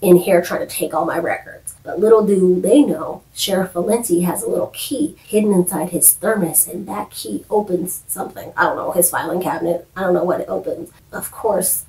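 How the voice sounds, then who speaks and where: A woman hosting a casual, playful recap vlog, chatting with quick asides. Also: lowish voice, a little mellow, slight background noise. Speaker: vlog host recapping TV shows. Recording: echoey room, mic at a distance.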